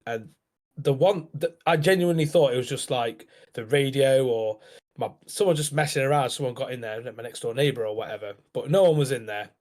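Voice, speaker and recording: Rambling storyteller. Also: male voice, medium pitch, a little mellow. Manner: rambling, halting, laughs through his words. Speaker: podcast co-host. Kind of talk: casual storytelling.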